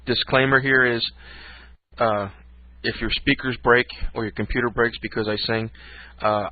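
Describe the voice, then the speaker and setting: A man's voice: medium pitch, dry recording. Hesitant man on a tinny line. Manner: hesitant, rambling, self-joking. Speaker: co-host. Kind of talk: casual chat.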